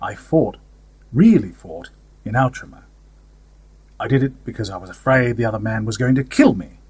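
Guy reading a story out loud, husky voice, wry and chatty, lots of ups and downs. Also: on the low side, animated, normal speed, dry recording. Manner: wry, conversational first-person storytelling. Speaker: story narrator. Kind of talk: audiobook fiction reading.

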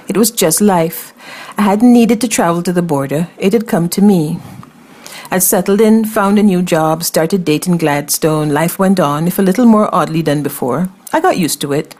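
A woman's voice: fairly low pitch, a little mellow. A woman narrating a first-person story in a wry, conversational way. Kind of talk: first-person fiction reading.

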